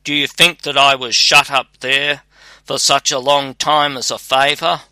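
A huge male spirit from a storybook bellows his threats, as a man reads him aloud. The voice is bright and close, dry, with no room sound. He speaks slowly and with menace. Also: mid-range voice, level tone, clear, resonant tone, no echo. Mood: haughty. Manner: loud and threatening.

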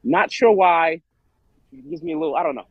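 A man co-hosting a casual podcast, his voice swinging up and down as he rambles and restarts. There is a husky edge to his fairly high voice. The audio is dry and a little dull. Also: fairly quick, no echo. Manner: animated, rambling, restarts a lot. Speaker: podcast co-host. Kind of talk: casual chat.

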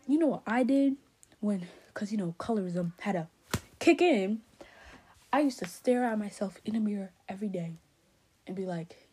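A young woman with Haitian roots giving her opinions in a sassy, animated way, full of "like" and rhetorical questions. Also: a little high, normal speed, husky. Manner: sassy, animated, lots of fillers. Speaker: vlogger. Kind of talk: casual opinion rant.

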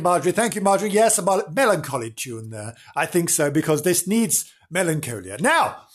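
A man telling a ghost story in a theatrical, hammy way, sinking to hushed whispers for the spooky parts. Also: a little high, husky. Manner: theatrical, hammy, booing and hissing at villains. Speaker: storyteller and show host.

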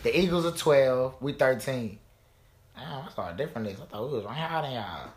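A man's voice: mid-range voice, animated, a little fast, darkish tone, slight background noise. A man co-hosting a podcast, joking and trash-talking in brash, profane casual chat. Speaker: podcast co-host.

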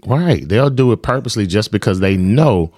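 Animated laughing podcast host man. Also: normal speed, husky, no echo, studio quality. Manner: animated, laughing, big swings from loud to low and earnest. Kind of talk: casual chat.

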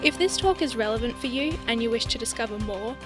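Aussie woman reading a church notice, music under it, a bit high. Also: lively intonation, fast talker. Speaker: announcer. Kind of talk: scripted announcement. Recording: music playing behind.

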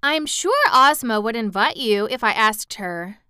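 A woman's voice: on the high side, animated, measured pace, sharp tone, clean tone, no echo, clean studio sound, pitched above the performer's own voice. A woman reading aloud and voicing a polite, curious little farm girl in a storybook, earnest and wondering.

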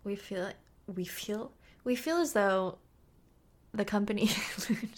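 A woman's voice: medium pitch, unhurried. A woman in her twenties co-hosting a podcast, chatting casually and often breaking into laughter. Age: 20s. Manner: laughs often, relaxed banter. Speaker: podcast co-host. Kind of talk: casual chat.

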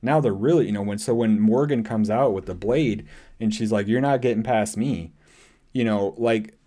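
A man hosting a casual podcast discussion, animated and talking in quick restarts. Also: lowish voice. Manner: animated, frequent restarts and acted-out quotes. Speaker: podcast host.

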